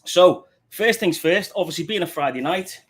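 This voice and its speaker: A man's voice: high-pitched, expressive, normal speed, husky. A middle-aged man with a Liverpool accent hosts a live stream in a casual, chatty way, greeting viewers one by one as mate and buddy into a desk microphone. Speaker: livestream host.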